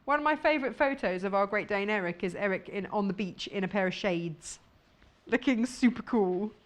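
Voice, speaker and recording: A woman's voice: mid-range voice, normal speed. A woman presenting fabrics on a live shopping channel, chatty and jokey, laughing often.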